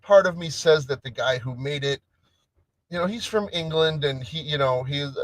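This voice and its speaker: A man's voice: fairly high pitch, moderate pace, no echo, poor audio. A man hosting a casual solo livestream, chatting in a rambling way with lots of restarts and trailing thoughts. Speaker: livestream host. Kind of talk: casual solo stream chat.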